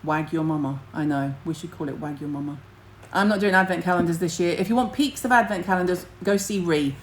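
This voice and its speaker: A middle-aged woman hosts a relaxed livestream, her voice sitting slightly low. She rambles cheerfully and bluntly, dropping casual swears as she hops between topics. A faint hum of background noise runs under her webcam audio. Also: brisk, poor audio. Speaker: skincare livestream host. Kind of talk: casual livestream chat to viewers.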